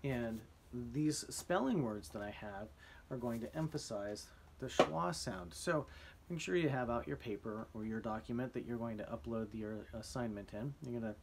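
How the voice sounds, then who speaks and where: A man teaching a spelling lesson to his students, explaining slowly with frequent ums and restarts. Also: medium pitch, background noise.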